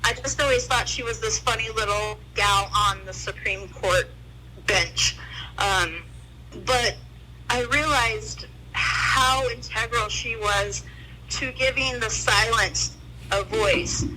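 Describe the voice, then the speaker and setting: Grieving, profane woman with a bright voice. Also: a little high, slow pace, slight background noise, poor audio. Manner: heartfelt, blunt and profane. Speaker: guest on the line. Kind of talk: casual podcast chat.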